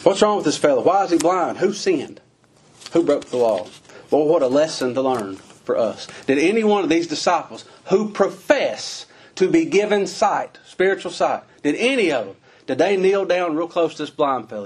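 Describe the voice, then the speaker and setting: A man's voice: fairly high pitch, animated, moderate pace, slightly rough. A man preaching a sermon in a folksy, questioning way, using plain rural phrasing and asking lots of rhetorical questions.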